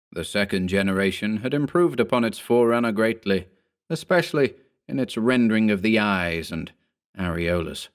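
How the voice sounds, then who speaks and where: A man with a fairly low voice reads a horror story aloud. His delivery is measured and steady, the pace of scripted audiobook narration.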